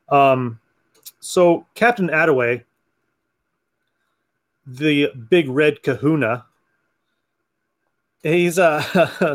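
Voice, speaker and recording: Chatty man with a fairly high voice. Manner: chatty, laughing, acts out lines from comics. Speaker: comic book podcast host. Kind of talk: casual chat.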